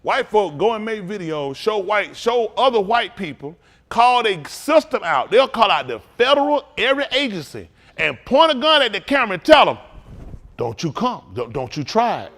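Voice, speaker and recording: A man preaching as a pastor in a fiery talk, swinging from low mutters to loud outbursts. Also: big pitch swings, moderate pace.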